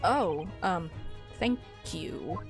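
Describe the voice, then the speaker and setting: An earnest young defense lawyer from a game, sincere and slightly hesitant, speaking in a lowered, soft voice, as a woman acts him out. He sounds gentle and unsure. Faint music sits behind him. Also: expressive, drawn-out words, vocal fry, full character voice. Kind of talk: dramatic reading of game dialogue.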